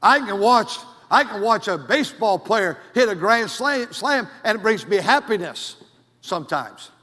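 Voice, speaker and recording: A man preaching a sermon as pastor, swinging from loud declarations to hushed asides. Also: high-pitched, expressive, unhurried, long reverb tail. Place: church sanctuary.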